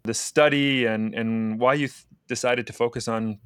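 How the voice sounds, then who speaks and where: A man co-hosting a farming podcast in relaxed conversation. He reads out lists of numbers in an even, steady way. The sound is dry and close, with no room echo. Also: mid-range voice, normal speed, smooth. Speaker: podcast co-host. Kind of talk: casual podcast chat.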